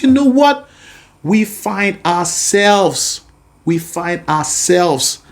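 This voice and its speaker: A man teaching a singing lesson as host, explaining with animated asides. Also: medium pitch. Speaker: vocal coach. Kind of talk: singing lesson with sung demonstrations.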